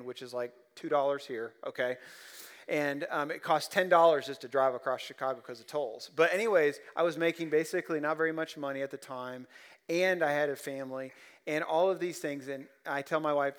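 A male pastor preaching a sermon, telling stories and swinging between quiet, soft moments and loud, emphatic ones. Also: mid-range voice.

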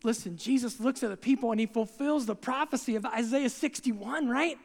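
An older man preaches with a voice pitched unusually high for a man, telling the story with animated energy and putting on the crowd's voices. His words ring out with a long reverb, as in a large church hall. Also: moderate pace. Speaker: pastor. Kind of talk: sermon.

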